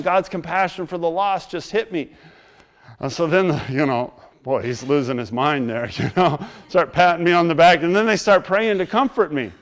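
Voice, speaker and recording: A man with a notably high voice delivers a sermon in a church. He tells stories about himself with a laugh, then presses his listeners with urgent, repeated questions. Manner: storytelling, laughing at his own past, rising into emphatic exhortation. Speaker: preacher.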